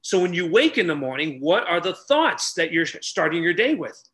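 A middle-aged man telling stories loudly on a podcast, acting out each character's lines as a relationship coach. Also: a little high, normal speed. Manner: animated, loud, acts out dialogue. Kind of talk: energetic storytelling in casual chat.

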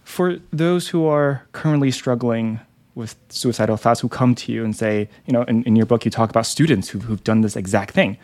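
A man hosting a podcast, asking a question in a careful, measured way. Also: mid-range voice, darkish tone, dry recording. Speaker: podcast host. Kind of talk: interview question.

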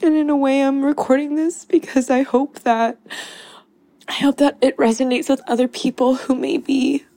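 A woman caller crying as she leaves a slow, heartfelt recorded message, pausing often. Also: sits high, steady tone, vocal fry, mellow, no room sound.

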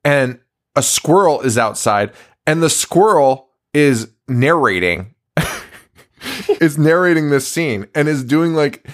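A man's voice: on the high side, expressive, slow. A man in his thirties co-hosting a podcast, rambling and laughing with profanity. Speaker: podcast co-host. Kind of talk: casual chat.

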